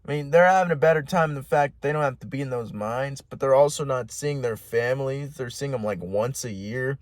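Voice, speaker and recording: A man's voice: medium pitch, brisk, dry recording. A man hosting a podcast alone, rambling in a casual monologue with heavy swearing, lots of "like" and restarts. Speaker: podcast host.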